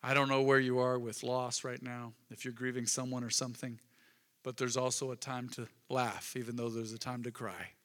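A male pastor preaching a sermon in a church, swinging from loud emphatic bursts to soft, intimate murmurs. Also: medium pitch, little pitch movement, normal speed. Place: church sanctuary. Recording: long reverb of a large hall.

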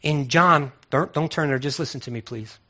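Bright-voiced preacher man, conversational sermon. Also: a little high, moderate pace. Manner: conversational, asks repeated rhetorical questions, stammers into restarts.

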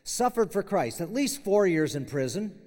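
A man's voice: high-pitched, very animated, a little mellow. Older man preaching in a reverberant chapel. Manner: conversational, halting with fillers and restarts, chuckles. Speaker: retiring professor giving chapel message. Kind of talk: farewell chapel sermon. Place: university chapel hall. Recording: long hall reverb.

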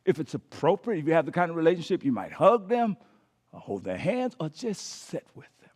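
A man's voice: a little high, big pitch swings, fairly quick. A man preaching a sermon as pastor, emphatic, sometimes dropping to a whisper and having the listeners repeat after him. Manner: emphatic, dropping to quiet whispers on key words.

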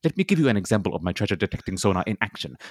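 A man's voice: fairly low pitch, big pitch swings, racing, no room sound, clean studio sound. A man playing a pompous, rambling oceanographer who hunts sea treasure, reeling off long breathless run-on sentences. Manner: breathless run-on monologue, self-important. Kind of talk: comedy character monologue.

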